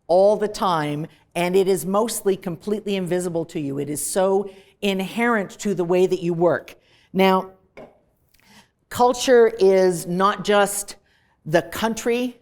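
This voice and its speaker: A woman professor lectures in a direct, emphatic way. She is quick to dismiss clichés, and her voice sits at a middle pitch. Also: a little mellow. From Canada. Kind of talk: recorded lecture.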